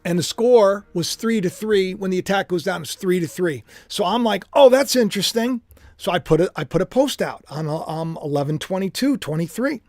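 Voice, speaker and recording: A man's voice: sits high, animated, a little fast, few pauses, darkish tone, no room sound, studio quality. A man hosting his own channel, talking to viewers in a rambling, conversational way, full of restarts and asides. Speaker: host. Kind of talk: casual speculative monologue.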